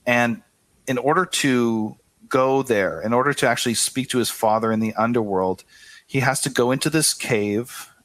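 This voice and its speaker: Middle-aged male co-host, casual, halting delivery, mid pitch. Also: a bit bright. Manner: halting, stammers and corrects himself. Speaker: podcast co-host. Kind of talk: casual chat.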